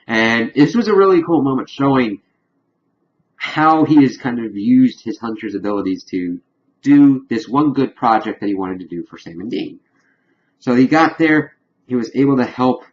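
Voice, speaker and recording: A man's voice: mid-range voice, highs cut off. A man casually recapping a TV episode as a reviewer, rambling along with lots of "of course" and "kind of".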